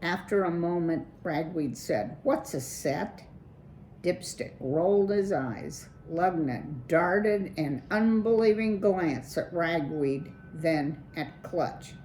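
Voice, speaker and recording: Brief: woman reading a kids' chapter book aloud, unhurried, lowish voice. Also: slight background noise, rough recording. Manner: measured, expressive reading. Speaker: children's story reader.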